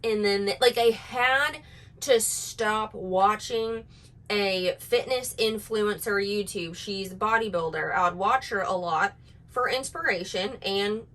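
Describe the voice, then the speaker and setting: A woman's voice: medium pitch, slow pace, fairly bright tone, rough recording. A woman giving casual reaction commentary, sarcastic and exasperated, rambling with restarts. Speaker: commentary YouTuber.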